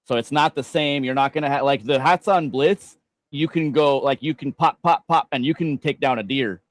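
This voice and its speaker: A man's voice: mid-range voice, normal speed, no room sound. Man, podcast guest, eager detailed explaining, casual swearing, dry sound. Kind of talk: casual chat on a live stream.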